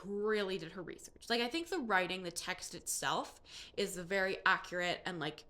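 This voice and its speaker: A young woman in her twenties talks through her month of books in a loose, chatty way. Her voice is bright and lively, and she leans on fillers like "like" and "um" as she goes. Her pitch sits at an ordinary level for a woman. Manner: chatty and animated, full of "like" and "um". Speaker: book reviewer. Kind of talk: casual monthly reading wrap-up.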